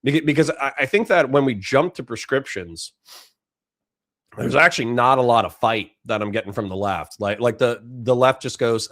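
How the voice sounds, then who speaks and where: A tired man talks casually on a livestream, wandering through his thoughts with frequent fillers and false starts. His voice sits at an ordinary pitch. The sound is dry and close, with almost no room echo. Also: normal speed, fairly bright tone. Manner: rambling, candid, many fillers and restarts. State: tired, yawning. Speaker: streamer host reading chat.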